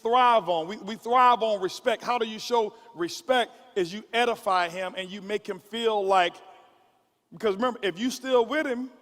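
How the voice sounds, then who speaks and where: A man with a high, light voice speaks to a crowded conference hall, his words ringing with long reverb. He repeats himself in quick restarts and builds his points like a preacher. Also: a bit bright. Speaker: motivational speaker. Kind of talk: motivational speech to a conference audience.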